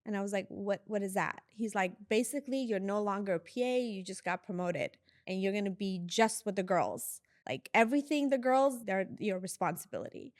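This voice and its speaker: Lively storytelling woman, dry sound. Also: mid-range voice, fairly quick, few pauses, dry recording. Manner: animated storyteller, acts out quoted voices, laughs often. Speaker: guest, reality TV producer. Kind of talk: casual storytelling interview.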